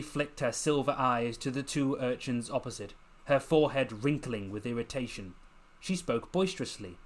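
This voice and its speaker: Brief: male author-narrator, mid pitch, slow dramatic storybook reading. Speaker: author reading his novel. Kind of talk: scripted narration.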